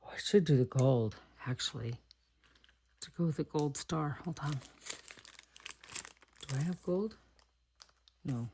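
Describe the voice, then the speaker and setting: A woman's voice: deep voice, unhurried, long pauses, mellow, a little hiss or hum. A middle-aged woman from Texas chatting casually and thinking aloud while she makes greeting cards. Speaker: card-making crafter. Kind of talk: casual crafting chat.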